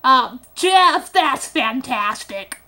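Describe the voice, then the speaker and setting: A woman giving casual, excitable game commentary into a phone recording app, swearing freely and breaking into giggly outbursts. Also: high-pitched, drawn-out words. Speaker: gameplay commentator.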